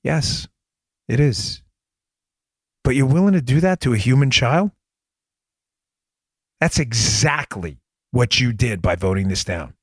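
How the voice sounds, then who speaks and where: A man's voice: medium pitch, lively intonation, normal speed, pauses often, no echo. A man hosting a podcast, delivering emphatic, impassioned political commentary. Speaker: podcast host.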